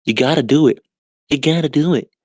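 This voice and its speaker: A man's voice: a little high, brisk, a little mellow, dry recording, voice pushed up, natural voice. Man doing a sensible insistent sidekick, urging, raised voice, dry sound.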